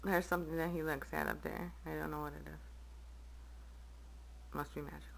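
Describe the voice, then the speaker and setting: A woman filming her cats at home, teasing them and scolding them loudly. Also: low voice, little pitch movement, brisk, gravelly, noisy background. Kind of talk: casual home video chat. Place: home, indoors.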